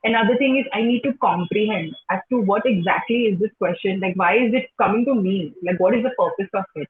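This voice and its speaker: A woman's voice: medium pitch, fast talker, slight background noise. A young woman with an Indian English accent, a teacher answering interview questions in a chatty way, full of "you know". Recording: echoey phone-like call line.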